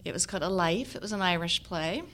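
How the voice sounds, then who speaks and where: A woman's voice: lowish voice, fast talker, slight background noise. A woman in her sixties telling stories as an actress guest in a casual interview, laughing often. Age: 60s. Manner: animated storytelling, laughing often.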